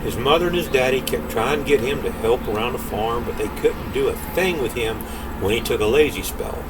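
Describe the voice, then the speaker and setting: Older storyteller, folksy and unhurried, animated delivery. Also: male voice, mid-range voice. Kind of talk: folk tale reading. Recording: distant mic, faint air-conditioner hum.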